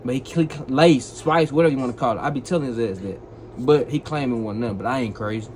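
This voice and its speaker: A young man telling a personal story in a casual, animated way, full of slang and repeated phrases. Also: mid-range voice, fast talker, a little hiss or hum, poor audio.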